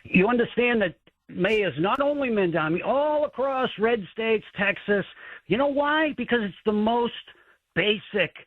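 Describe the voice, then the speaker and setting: A man's voice: sits high, expressive, measured pace, dry recording. A man calling in to a talk radio show, arguing his point earnestly. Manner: argumentative, earnest. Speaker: caller. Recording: tinny phone line.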